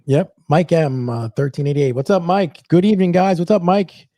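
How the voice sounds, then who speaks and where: A man's voice: on the high side, expressive, moderate pace, dark tone, no echo, clean studio sound. A man hosting a casual podcast, reading out viewer comments and agreeing with his guest in short, easy replies. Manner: easygoing, answers with short agreements.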